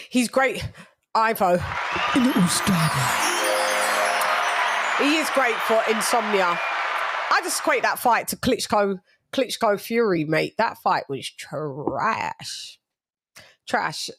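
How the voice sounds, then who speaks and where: A woman's voice: a little high, expressive, a little slow, heavy background noise. A woman hosting a boxing podcast in casual, gossipy and blunt chat. She laughs often and repeats words as she talks.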